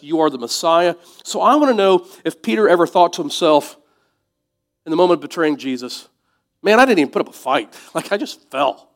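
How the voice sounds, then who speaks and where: Conversational, reflective male preacher. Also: on the high side. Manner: conversational, reflective, drops to soft asides. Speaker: pastor. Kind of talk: sermon.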